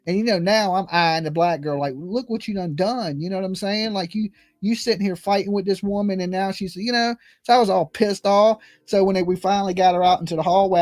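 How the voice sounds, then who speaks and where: Chatty high-voiced male commentator. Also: darkish tone, dry recording. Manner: rambling, laughs often, storytelling. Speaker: host. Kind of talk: casual commentary.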